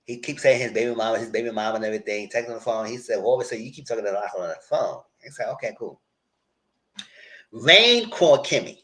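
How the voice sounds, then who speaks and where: Animated man recapping a TV episode. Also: mid-range voice, quick pace. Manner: animated, acts out characters' lines in quotes; chatty, addresses viewers directly. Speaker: TV show reviewer. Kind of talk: casual live TV recap.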